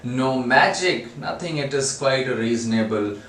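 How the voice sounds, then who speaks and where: A man's voice: mid-range voice, expressive, normal speed, a bit bright, slight background noise. A man voicing a desperate invisible male scientist who keeps pleading and insisting, repeating his words with urgency. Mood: insistent. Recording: roomy, distant mic, faint ambience.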